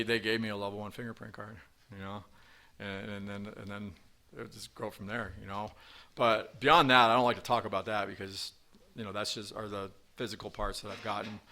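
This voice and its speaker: At a meeting in front of an audience, a man tells his personal recovery story, rambling with plenty of fillers and restarts. His voice sits fairly low in pitch and sounds pushed and bright.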